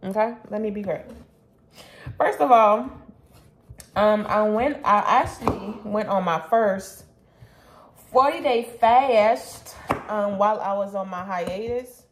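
Slow-talking woman in an echoey room. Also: medium pitch, slight background noise. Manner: chatty, talks to viewers as y'all and baby. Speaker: vlogger. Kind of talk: casual chat to camera.

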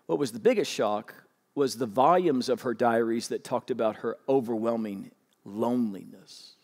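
A man preaching a sermon as pastor, animated and urging his congregation to respond. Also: normal speed. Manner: animated, urging the crowd with rising pitch. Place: large church auditorium. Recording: long hall reverb.

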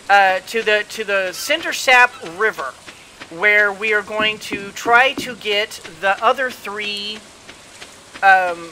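An unhurried let's play host narrates gameplay at a leisurely pace, thinking aloud. They burst into excited exclamations as they cheer the game on. A clear, steady rain sound from the game plays behind the voice. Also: mid-range voice, slight background noise, rough recording. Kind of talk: gameplay commentary.

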